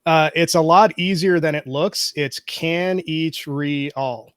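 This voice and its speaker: A man who is a podcaster, answering interview questions in a measured, explanatory way and walking through data points. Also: a little high, fairly even intonation, fairly bright tone, no echo, studio quality. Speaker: guest, podcaster.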